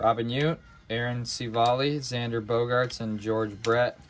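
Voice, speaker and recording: A man's voice: medium pitch, flat delivery, unhurried. A young man hosting a live trading card break, listing names as he opens packs and stumbling over his words now and then.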